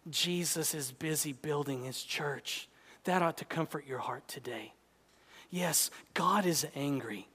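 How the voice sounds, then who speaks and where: A male preacher with a high-set voice delivers a sermon with real fervor. He surges into loud, urgent peaks and then drops to near-hushed intensity. His voice rings out with the long reverb of a large hall.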